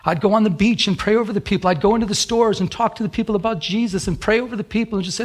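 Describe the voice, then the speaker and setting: A man's voice: sits high, racing, few pauses. A male pastor preaching a sermon, telling a personal story in an earnest way with frequent restarts.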